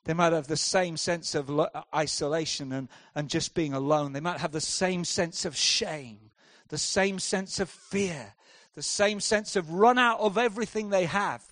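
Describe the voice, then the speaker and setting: A preacher with a fairly high voice delivers a sermon, recorded close and dry with no room sound. He moves between hushed, drawn-out lines and loud, driving bursts.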